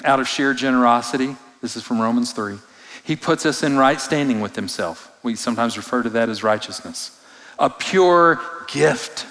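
A man preaching a sermon as pastor, expressive, moving between loud emphasis and hushed, low passages. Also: moderate pace. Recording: long reverb of a large hall.

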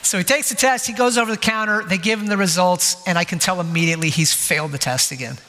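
A man's voice: high-pitched, fast talker, bright, forceful tone. A man in his forties preaching a sermon, telling a story with self-mocking humor. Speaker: pastor. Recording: long hall reverb.

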